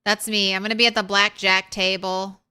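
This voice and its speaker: A woman's voice: mid-range voice, little pitch movement, moderate pace, pushed and bright, clean tone. A young woman streaming a video game, chatting casually with viewers and talking sweetly to her cat. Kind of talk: casual live-stream chat.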